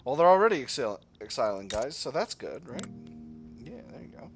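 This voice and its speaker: A man's voice: medium pitch, sing-song, moderate pace, soft background music. Musing man commenting on a strategy game. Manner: musing, rambling with fillers. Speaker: gaming channel host.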